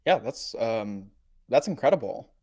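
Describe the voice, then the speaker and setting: A man co-hosting a podcast, reacting softly with quiet awe and brief follow-up questions. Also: medium pitch, lively intonation, a little slow. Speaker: podcast co-host. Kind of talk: casual chat.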